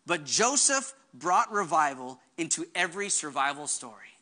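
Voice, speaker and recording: A male pastor preaching a sermon with earnest, impassioned conviction and quick asides. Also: fairly high pitch, sing-song, sharp tone.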